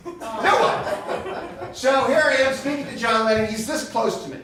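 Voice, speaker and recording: A man with a high voice performs a chatty, self-mocking comic monologue on a small theater stage. He wanders off on dry asides as he tells the story. He is picked up from far across a very echoey room, with clear noise underneath. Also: moderate pace. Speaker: solo performer. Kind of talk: live stand-up storytelling monologue.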